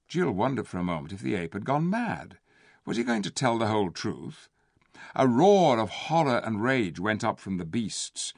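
A man reading a children's story aloud as narrator, in an expressive storybook delivery. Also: lowish voice, moderate pace, creaky, no echo, clean studio sound. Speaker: audiobook narrator. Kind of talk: scripted narration.

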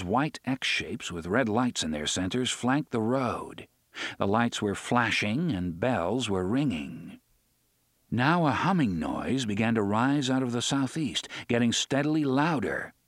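A man narrating an audiobook in a steady, measured storytelling voice, close to the mic. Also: mid-range voice, no echo. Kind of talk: scripted narration.

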